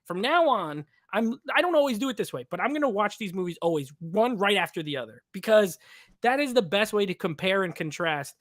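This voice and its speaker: A man's voice: sits high, very animated, brisk, a bit bright, dry recording, clean studio sound. A man co-hosting a casual movie review chat over a video call, rambling and filling his talk with "like.". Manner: rambling, heavy use of "like". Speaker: podcast co-host.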